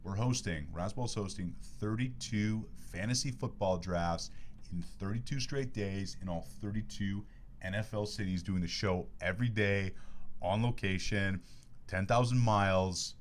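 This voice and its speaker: Male podcast host, low-ish voice, chatty and joking, casual studio sports talk. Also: unhurried, slight background noise. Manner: jokey, chatty, animated plugs.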